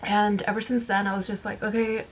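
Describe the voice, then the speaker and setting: A woman's voice: mid-range voice, little pitch movement, brisk, a little hiss or hum. A woman vlogger talking in a casual, rambling way, candid and full of "like" and "um" fillers. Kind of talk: casual chat.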